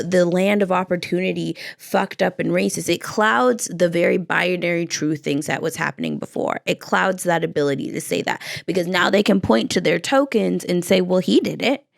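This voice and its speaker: A fervent American woman delivers solo podcast commentary, stacking up repeated phrases to press each point. Her voice sits low, with a gravelly edge, and the recording is close and dry. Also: no echo. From United States. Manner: impassioned and rhetorical, hammering points through repetition. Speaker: podcast host.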